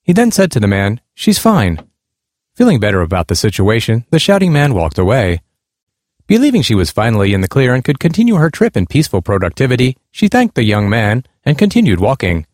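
A man's voice: mid-range voice, wildly swooping pitch, fast, darkish tone, no room sound, studio quality. Earnest man reading a personal essay. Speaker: speaker on disability awareness.

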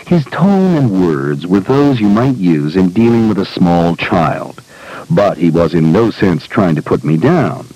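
A man reading a personal essay aloud in a measured, deliberate storytelling manner. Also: sits low, sing-song, dark tone, no echo, rough recording. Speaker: speaker recounting personal experiences.

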